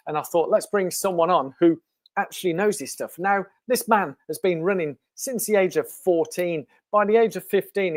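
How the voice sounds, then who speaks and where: A man's voice: on the high side, no echo. An English man hosting a podcast, chatty and enthusiastic in a casual interview. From England. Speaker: podcast host.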